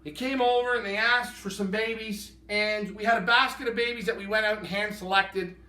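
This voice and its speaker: Co-hosting a live pigeon auction, a man with a high, sharp-toned voice and fairly even intonation speaks a little fast. He enthusiastically appraises each bird in his hands, and the sound is roomy and distant.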